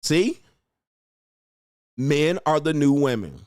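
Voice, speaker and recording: Young streamer guy ranting at chat, cussing, mocking, laughs a lot, kinda high voice, dead dry sound. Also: expressive, takes it slowly, smooth, no room sound. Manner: profane, mocking, laughs often, confrontational. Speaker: streamer host. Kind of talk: livestream rant reading chat.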